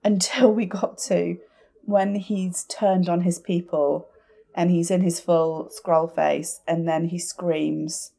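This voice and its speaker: A woman's voice: on the low side, flat delivery, slow, vocal fry, warm tone. A woman co-hosting a podcast, talking casually and rambling with lots of restarts. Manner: chatty and rambling, with many restarts and fillers. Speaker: podcast co-host. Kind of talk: casual fan podcast chat.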